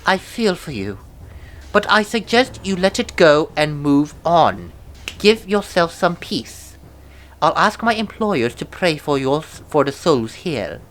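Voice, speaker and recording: A woman reading a calm, consoling Taoist priest. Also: low voice, slow, exaggerated voice, rough recording.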